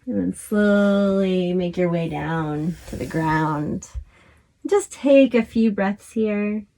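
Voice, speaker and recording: A woman instructor gently guiding a stretching class, talking close to the camera from a small closet. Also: mid-range voice, slow. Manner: calm, encouraging cues with fillers. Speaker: fitness instructor.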